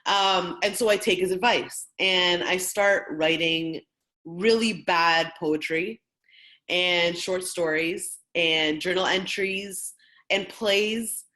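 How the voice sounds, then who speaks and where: A woman in her thirties leading a training session and telling a personal story in a candid, lively, conversational way. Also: fairly low pitch, slow pace. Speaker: workshop facilitator.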